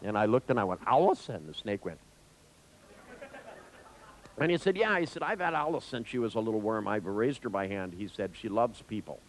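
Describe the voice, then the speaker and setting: A man telling an anecdote in a lecture, acting out the voices with big jumps in pitch, swearing now and then and laughing at his own tale. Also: animated, fairly quick, long pauses, slight background noise, rough recording. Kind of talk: storytelling in a lecture.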